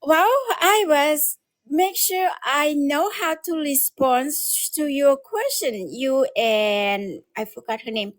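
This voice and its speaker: A woman with a fairly high voice joins the chat as a caller. She speaks halting, non-native English and laughs easily between her thoughts. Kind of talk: casual chat.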